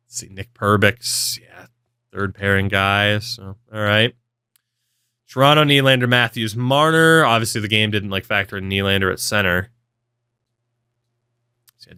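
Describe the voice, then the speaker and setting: A man's voice: fairly low pitch, pushed and bright, clear, resonant tone, dry recording, clean studio sound. A young man giving rambling, offhand commentary on a hockey video game, swearing now and then. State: yawning, with hiccups. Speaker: gaming video creator. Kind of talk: casual commentary over gameplay.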